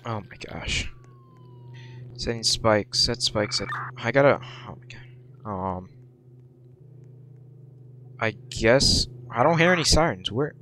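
A man's voice: medium pitch, animated, slow, pauses often, pushed and bright, a little hiss or hum. A young man giving gameplay commentary while role-playing a police officer, barking orders and exclaiming in surprise. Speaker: gameplay video creator.

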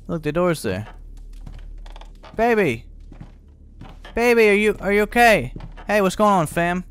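A young man casually commenting on a horror game he is playing, profane and prone to loud startled outbursts. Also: high-pitched, lively intonation, unhurried, smooth. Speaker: gaming channel host. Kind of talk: let's play commentary.

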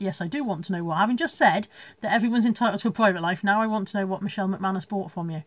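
A woman's voice: medium pitch, fast, few pauses, no echo. A woman chatting casually from home on a live stream, rambling, laughing often and reading out viewer comments. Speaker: reseller hosting a live stream.

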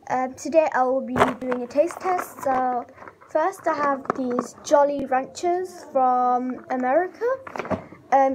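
A woman with a high voice talks casually into the camera for a taste-test vlog. She rambles, stops herself mid-sentence and leans on lots of fillers as she goes. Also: darkish tone, slight background noise. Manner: chatty and rambling, with many fillers. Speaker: vlogger.

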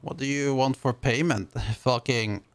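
A male streamer giving live gameplay commentary, loud and excitable with constant swearing. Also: medium pitch, measured pace, a little hiss or hum.

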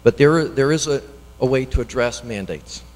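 A man's voice: mid-range voice, a little mellow. Earnest man speaking at a town hearing. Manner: earnest, halting, with restarts. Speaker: elected official speaking at public hearing. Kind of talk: public comment. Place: town meeting hall. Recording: long reverb in a meeting hall.

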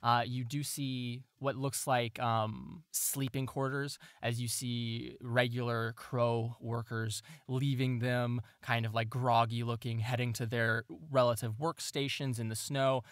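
A man running a tabletop game as game master, narrating scenes with relaxed pacing, frequent fillers and restarts. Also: medium pitch, measured pace, few pauses, dry recording, studio quality.

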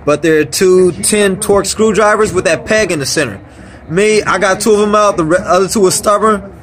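A man's voice: sits high, normal speed, a bit bright. An angry man talking casually as he repairs electronics on camera, swearing constantly and rambling. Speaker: vlogger repairing a console power supply. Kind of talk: profane casual repair vlog.

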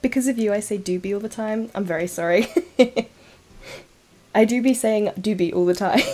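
A woman streaming a game live, chatting casually and giggling, with bursts of excited squeals. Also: mid-range voice, measured pace, soft background music. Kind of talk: casual live-stream chat while playing.

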